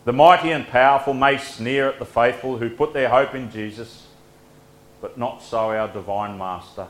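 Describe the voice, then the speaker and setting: A man preaching a devotional sermon in a gentle, earnest way, letting his phrases fall soft at the ends. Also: mid-range voice, normal speed, roomy sound, rough recording.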